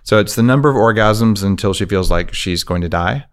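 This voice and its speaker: A man talking as a podcast guest, explaining his ideas in a fast, emphatic way. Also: on the low side, clean tone. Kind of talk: interview, conversational.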